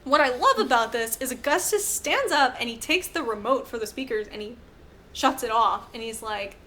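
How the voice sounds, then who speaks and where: A woman's voice: a little high, animated, moderate pace, bright, forceful tone, slight background noise. A woman co-hosting a podcast, recapping a film in casual chat with lots of fillers and profanity. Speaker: podcast co-host.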